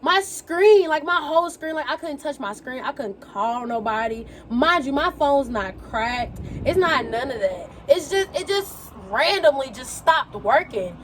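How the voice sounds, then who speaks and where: A young woman telling a story in a casual, animated way, full of slang and quoted exclamations. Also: high-pitched, a little slow, slight background noise. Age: young adult. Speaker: vlogger. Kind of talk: casual storytelling while getting ready.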